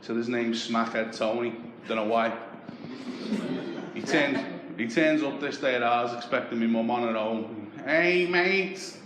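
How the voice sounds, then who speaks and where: A man's voice: medium pitch, normal speed. Young Liverpool man doing sweary stand-up. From Liverpool, England. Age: young adult. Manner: deadpan, sweary storytelling. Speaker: stand-up comedian. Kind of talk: stand-up comedy set. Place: comedy club stage. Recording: echoey club with crowd noise. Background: audience laughter.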